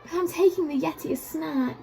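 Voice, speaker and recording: Woman doing an excited young boy explorer. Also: high-pitched, brisk, vocal fry, soft background music, pitched above the performer's own voice. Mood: apologetic. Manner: excited, shouting.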